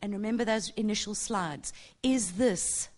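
A woman's voice: mid-range voice, unhurried, a little mellow. A middle-aged woman teaching a church group on prophecy, passionate and chatty, often tagging her points with "yeah?". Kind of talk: informal teaching talk.

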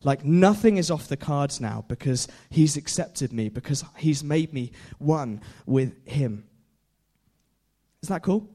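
A man's voice: on the high side, dark tone. A young man preaching a casual sermon, chatty, laughing often and putting questions to his listeners. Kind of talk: informal sermon.

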